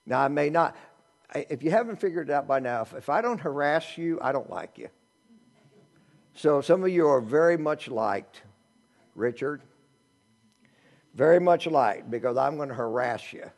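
A middle-aged male pastor preaching a sermon, animated, with joking asides and swings between loud and hushed delivery. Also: medium pitch, normal speed, creaky.

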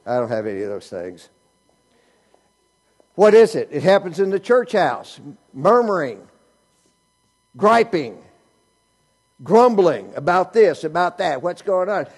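Preacher guy, kinda husky, high voice bouncing all over, joking with the congregation. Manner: animated preaching, rhetorical questions, teasing humor. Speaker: pastor. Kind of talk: sermon.

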